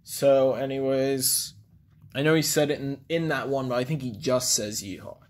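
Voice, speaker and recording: A man's voice: mid-range voice, normal speed. A man giving a casual video review of toys, rambling with frequent ums. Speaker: toy reviewer.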